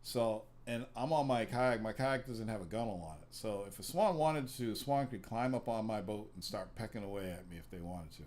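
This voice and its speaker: A man's voice: lowish voice, a little fast, few pauses, a little mellow. Profane rambling male podcast host. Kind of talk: casual chat.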